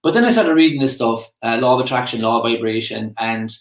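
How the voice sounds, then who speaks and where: A man's voice: mid-range voice, fast. A man in his forties with an Irish accent, talking in a rambling, chatty way with self-aware asides, in a casual reflective monologue. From Ireland. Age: 40s. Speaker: motivational speaker. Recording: echoey room.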